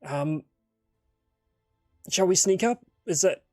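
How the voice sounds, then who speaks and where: A man's voice: sits high, animated, takes it slowly, darkish tone, no room sound, clean studio sound, soft background music, pitched above the performer's own voice. A man voicing a timid, unsure young male adventurer who stammers and hesitates. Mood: hesitant.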